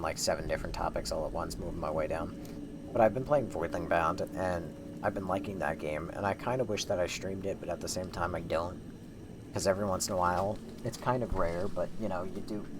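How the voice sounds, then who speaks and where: A man streaming, rambling casually and swearing freely as he breaks off and restarts his thoughts. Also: sits low. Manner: rambling, profane, self-interrupting. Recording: noisy background.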